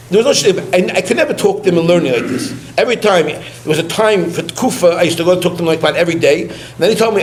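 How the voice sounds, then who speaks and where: Man, high-pitched, eulogy storyteller; halting delivery, Yiddish and Hebrew terms scattered throughout. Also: expressive, a little hiss or hum. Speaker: eulogist, former student. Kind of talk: eulogy told as personal anecdotes.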